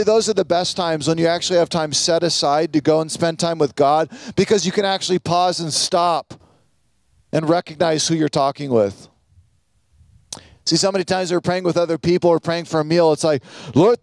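A man preaching a sermon as pastor, teaching earnestly with quoted prayers and pauses. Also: on the high side, darkish tone, no room sound.

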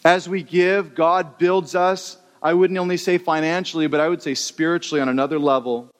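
A male pastor preaching a sermon in an animated, conversational way, acting out the stories he tells. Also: fairly high pitch, normal speed, in a large hall.

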